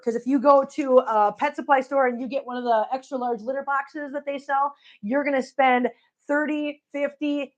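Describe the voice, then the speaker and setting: A middle-aged woman chatting casually to her cats and her livestream viewers while she cleans, a bit out of breath. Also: high voice. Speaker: cat channel vlogger.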